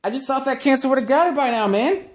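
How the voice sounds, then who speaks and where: A man's voice: very high-pitched, lively intonation, fast talker, voice pushed up. A young man voicing his crude, oversharing, middle-aged stoner father in a laid-back, casual tone.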